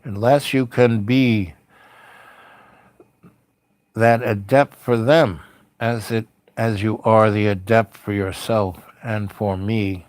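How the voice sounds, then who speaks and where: A man hosts a late-night spiritual livestream, rambling in a loose, meandering, heartfelt way full of fillers. His lowish, darkish voice holds a steady tone at a slow pace with long pauses, and there's no echo.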